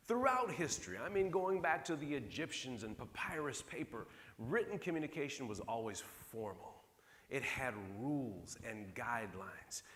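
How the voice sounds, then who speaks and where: Animated middle-aged man giving a keynote. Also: medium pitch. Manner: animated, humorous storyteller. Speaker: keynote speaker. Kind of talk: conference keynote storytelling. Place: large meeting hall with audience. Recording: long reverb of a large hall.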